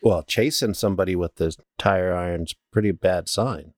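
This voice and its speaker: A man's voice: low voice, moderate pace, no echo. A man co-hosting a podcast, chiming in with dry jokes while a story is read. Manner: dry joking interjections. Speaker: podcast co-host. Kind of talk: casual chat.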